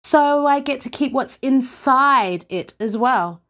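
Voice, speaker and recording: An eager, sly young boy from a storybook, as a woman reader puts him on, his voice jumping high and swooping widely. He talks slowly and brightly, excited and pleading. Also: exaggerated voice.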